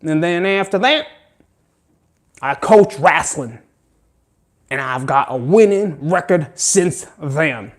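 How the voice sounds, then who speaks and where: A man voicing a boastful former athlete turned coach, with a put-on country drawl and a loud, twangy, bragging voice. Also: on the high side, lively intonation, slow, pauses often.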